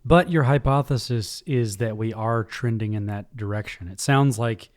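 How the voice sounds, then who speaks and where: A man hosting a podcast, calmly summing up his guest's views and asking questions. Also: medium pitch. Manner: measured, sums up the guest's views. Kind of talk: interview questions.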